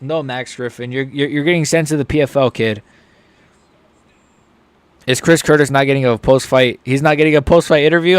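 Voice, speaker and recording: A young man hosting a casual live reaction stream. He swings between mumbled asides and loud, excited outbursts. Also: medium pitch, fairly quick, pauses often, smooth, dry recording. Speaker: host.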